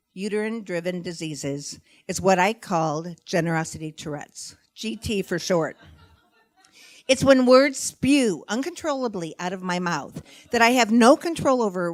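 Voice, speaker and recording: A middle-aged woman performing stand-up comedy, telling stories about motherhood in an animated, self-mocking, conversational way. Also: mid-range voice, no room sound. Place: stage before a live audience.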